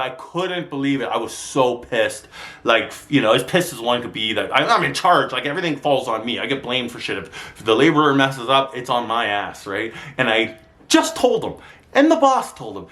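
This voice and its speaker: A man ranting to camera in a vlog, telling stories in an exasperated, sweary, animated way, filmed with a handheld camera mic. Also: medium pitch, normal speed. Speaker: vlogger.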